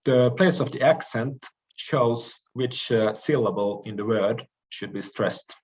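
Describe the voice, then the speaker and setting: A man giving a recorded language lecture, explaining carefully with frequent pauses and restarts. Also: medium pitch, darkish tone, slightly rough, highs cut off.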